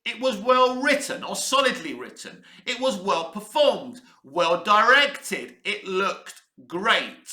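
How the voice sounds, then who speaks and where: A man's voice: high voice, very animated, slow, few pauses, pushed and bright, echoey room. A man giving a blunt, candid TV review to camera, swearing freely. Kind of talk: casual opinionated review to camera. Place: room where he is based, in Cyprus.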